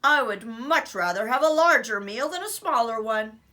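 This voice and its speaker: A woman's voice: a little high, lively intonation, normal speed, pushed and bright. A woman doing a roaring mean old troll. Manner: roaring, menacing. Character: mean old male troll under a bridge.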